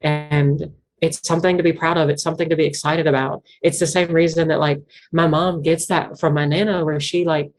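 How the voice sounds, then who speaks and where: Low-voiced Appalachian woman rambling earnestly. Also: little pitch movement, brisk, faint music behind. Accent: Southwest Virginia Appalachian. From Southwest Virginia. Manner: rambling, earnest, heavy use of "like" fillers. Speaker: interview guest, banjo musician. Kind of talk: casual conversational interview.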